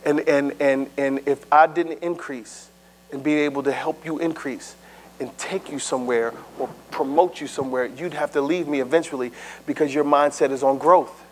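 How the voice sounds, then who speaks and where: High-voiced man preaching conversationally. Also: fairly even intonation, moderate pace, slight background noise. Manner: conversational preaching with stammered restarts; swings from loud and high to low and hushed. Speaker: pastor. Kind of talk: sermon.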